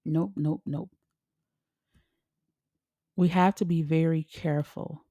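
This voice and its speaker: Woman medium hosting her own podcast: mellow, low-set voice, casual and encouraging, dry close mic. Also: no echo. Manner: relaxed, chatty, with laughs and loose colloquial phrasing. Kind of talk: casual motivational talk.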